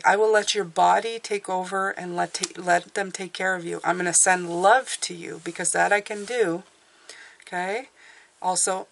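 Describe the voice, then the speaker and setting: A woman's voice: fairly low pitch, a bit bright. A middle-aged woman giving a casual tarot reading, chatty and reassuring, often checking in with "okay?". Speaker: tarot reader.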